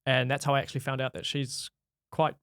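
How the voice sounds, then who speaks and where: A male podcast co-host at a middling pitch, recorded dry and close with no room around him. He keeps a wry, steady tone in casual chat and drives the talk with questions. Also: a little fast, gravelly, clear, resonant tone, no room sound. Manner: wry, steady, prompts the discussion.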